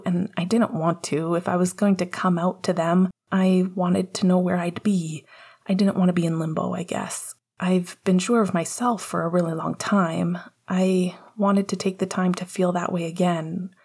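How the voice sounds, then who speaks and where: Woman reading as a soft, hesitant young man. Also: lowish voice, flat delivery, measured pace, slightly rough. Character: young man, shy and tender boyfriend. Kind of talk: audiobook character voice.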